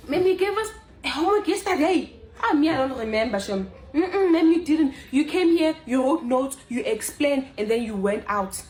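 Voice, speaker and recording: A woman's voice: high-pitched, expressive, normal speed, a little mellow. A woman playing a cheeky, lying schoolgirl. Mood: defiant. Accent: South African. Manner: cheeky, rambling excuses. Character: cheeky, lying female schoolgirl full of excuses. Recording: echoey room.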